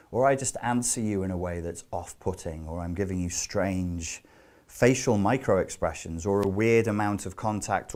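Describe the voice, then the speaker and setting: A man with a fairly low voice teaching a self-help lesson. He lectures emphatically and asks rhetorical questions. His delivery stays loose and conversational, with casual asides. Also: a little mellow. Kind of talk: spoken lecture.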